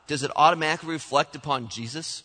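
A man preaching a sermon as pastor, animated, acting out the voices he quotes. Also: fairly high pitch, fast. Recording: long hall reverb.

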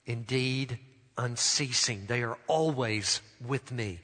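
A man preaching a sermon, drawing out phrases and letting his sentence endings fall soft. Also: medium pitch, a little slow, in a large hall. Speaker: pastor.

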